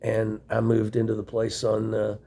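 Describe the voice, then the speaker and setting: A man's voice: on the low side, monotone, moderate pace, vocal fry, warm tone. A middle-aged man in a rambling, profane monologue, venting bitterly from a small room in a shelter. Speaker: vlogger.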